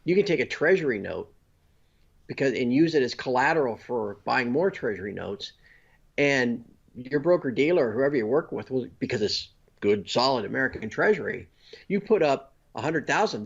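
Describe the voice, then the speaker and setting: A man's voice: medium pitch, very animated, moderate pace, vocal fry, slightly rough, highs cut off. A man being interviewed, explaining finance step by step and often checking in with "you know" and "okay?". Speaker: guest. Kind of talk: conversational interview.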